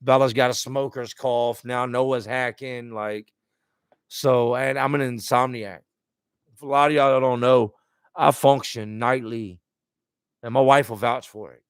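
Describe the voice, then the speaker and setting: A man's voice: medium pitch, fairly even intonation, unhurried, clear, resonant tone, no echo, clean studio sound. A man hosting a live stream, reading out viewer comments and talking candidly and emotionally. He speaks casually and bluntly, swearing at times and repeating words as he searches for them.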